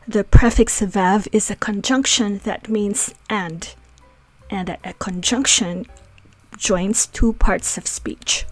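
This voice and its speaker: A woman's voice: mid-range voice, dry recording. A woman teaching a language lesson, patiently explaining rules and repeating example phrases.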